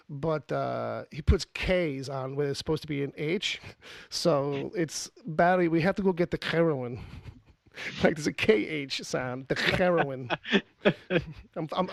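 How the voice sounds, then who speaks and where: A man's voice: on the high side, animated, moderate pace, creaky, no room sound, studio quality. A man hosting a podcast in casual chat, rambling and joking with lots of fillers and restarts. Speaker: podcast host.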